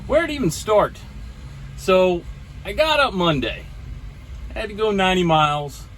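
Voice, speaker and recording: Animated trucker man in his forties. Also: high voice, moderate pace, slight background noise, rough recording. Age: 40s. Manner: animated storyteller acting out dialogue. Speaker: trucker vlogger. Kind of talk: casual storytelling vlog.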